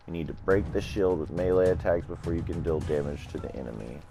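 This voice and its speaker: Deep-voiced guy half asleep, chatting thru a game, thinking out loud. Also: fast talker, vocal fry, over music. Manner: thinks aloud, reacts to the game. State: sleepy, just woke up. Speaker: let's play gamer. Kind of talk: casual gameplay commentary.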